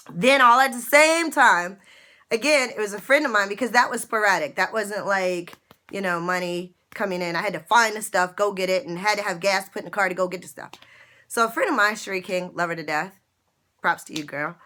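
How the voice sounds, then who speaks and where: A woman's voice: mid-range voice, brisk, sharp tone. A middle-aged woman giving an earnest, emotional personal testimony to her viewers, repeating phrases for emphasis. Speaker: online business vlogger.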